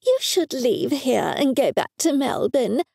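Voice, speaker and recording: A woman's voice: high voice, very animated, unhurried, vocal fry, dark tone, husky, no echo, studio quality, pitched above the performer's own voice, heavily acted. A woman voicing a fussy, superstitious older mother who scolds her daughter in a raised, insistent voice. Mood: scolding.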